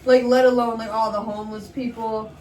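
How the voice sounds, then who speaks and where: A young woman chats casually during an eating vlog, full of 'like's and quick laughs. She sounds a little distant from the microphone, in an echoey room with a faint hum of noise behind her. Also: fairly high pitch, flat delivery, a little mellow. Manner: chatty, laughs often, says 'like' and 'literally' a lot. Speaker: vlogger.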